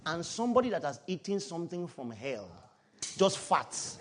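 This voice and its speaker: A man preaching a sermon with an emphatic, animated delivery, swinging from quiet explanation to loud outbursts. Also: high voice, a little slow.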